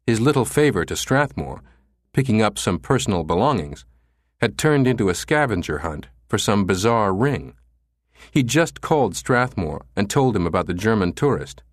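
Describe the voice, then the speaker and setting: A man narrating an audiobook in a measured, even reading style. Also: fairly low pitch, no room sound, clean studio sound. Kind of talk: scripted narration.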